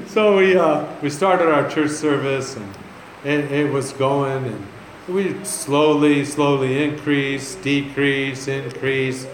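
A man's voice: mid-range voice, steady tone, drawn-out words, a little hiss or hum. A man telling stories as a pastor in a sermon, folksy and joking, laughing at his own stories. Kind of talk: sermon storytelling. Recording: echoey room, faint ambience.

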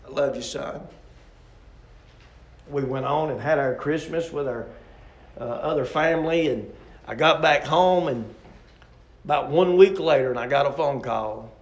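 A man's voice: fairly high pitch, moderate pace, echoey room. A middle-aged man, preaching a sermon with a repetitive, emphatic cadence and personal stories.

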